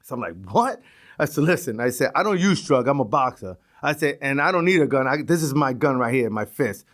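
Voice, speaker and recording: A man's voice: mid-range voice, a little fast. A middle-aged man with a New York accent, telling stories on a podcast and acting out the voices of the people in them. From East New York, Brooklyn. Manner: animated, acts out voices in his stories, swears. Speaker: podcast guest. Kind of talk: casual storytelling.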